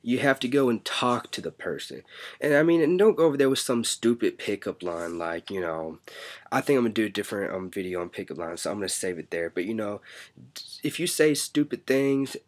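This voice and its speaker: A man's voice: fairly low pitch, expressive, fairly quick. A man giving blunt, exasperated dating advice in a casual vlog. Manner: blunt, exasperated, mocks clingy talk. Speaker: vlogger.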